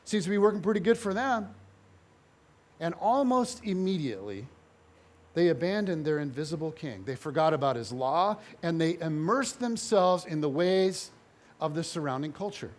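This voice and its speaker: High-voiced man preaching a lively sermon. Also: moderate pace. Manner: animated storytelling, voicing biblical figures in dialogue. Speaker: pastor.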